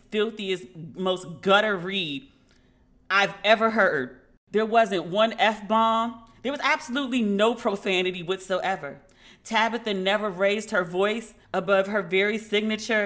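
A woman's voice: on the high side, fairly bright tone. Chatty salty woman podcast host. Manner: chatty, salty, quick asides and laughs. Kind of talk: casual pop-culture commentary.

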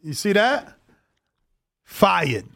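A man hosting a livestream, reacting to a fight with slangy, excitable commentary. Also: sits high, drawn-out words, gravelly. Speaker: livestream host. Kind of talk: casual live watch-along commentary.

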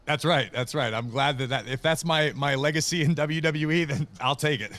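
A man's voice: fairly high pitch, fairly even intonation, moderate pace, a bit bright. Man, thirties, wrestling commentator, casual interview, self-deprecating, acts out quotes.

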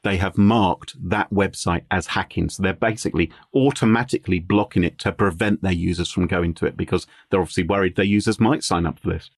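A man's voice: low-pitched, fairly even intonation, brisk, few pauses, slightly rough, dry recording, studio quality. A man co-hosting a podcast, chatting casually and laughing often. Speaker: podcast co-host. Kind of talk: casual chat.

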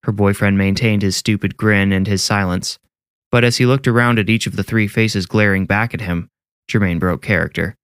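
Man, horror story narrator, low voice, steady measured reading. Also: clear, resonant tone, dry recording, clean studio sound.

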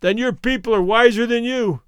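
A man's voice: very high-pitched, normal speed, fairly bright tone, smooth, no room sound, clean studio sound, voice pushed up. A man reading the lines of a young, earnest, resolute male army captain, speaking plainly and persuasively in an audiobook.

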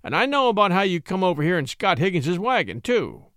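A man voicing a blustering small-town deputy in a story reading, gruff at first and easily cowed. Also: sits high, big pitch swings, a little fast, a bit bright, no echo, clean studio sound, full character voice. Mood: insistent. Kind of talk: audiobook character voice.

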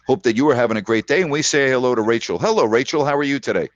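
A man's voice: medium pitch, lively intonation, very fast, no echo, lo-fi sound. A man hosting a sports radio call-in show, rambling chattily through scores and rhetorical questions. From New York.

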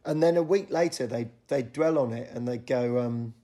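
A man's voice: mid-range voice, moderate pace, warm tone. Middle-aged man spinning a self-mocking tale. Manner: self-deprecating storyteller who acts out others' lines. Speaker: comedian guest. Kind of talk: anecdotal podcast chat.

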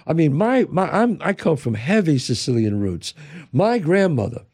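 Older man from New York, animated storyteller, with a gravelly, mellow voice and a swooping delivery. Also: a little high, normal speed. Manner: animated, acts out relatives' voices. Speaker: guest, actor and writer. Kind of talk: storytelling interview.

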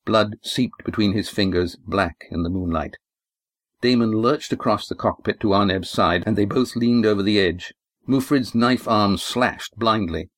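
Low-voiced man narrating a story. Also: a little slow, dry recording. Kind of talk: audiobook narration.

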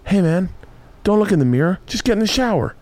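A soft, placating inner voice, put on by a man, pitched well above his usual talk. It coaxes gently and keeps telling him to relax. The sound is dry and close. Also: big pitch swings, fast, dry recording. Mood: soothing. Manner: soothing, placating. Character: soft, coaxing, timid male inner voice.

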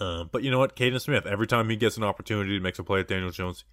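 A man's voice: fairly low pitch, racing, a bit bright, no room sound, studio quality. A man co-hosting a casual sports podcast, joking around and rambling with plenty of "like" and "you know.". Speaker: podcast co-host.

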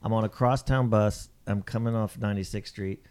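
A man's voice: on the low side, brisk, clear, resonant tone. A man co-hosting a podcast, telling a story in casual chat, acting out the people in it and laughing as he goes. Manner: animated storyteller, acts out voices, laughs while telling. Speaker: podcast co-host.

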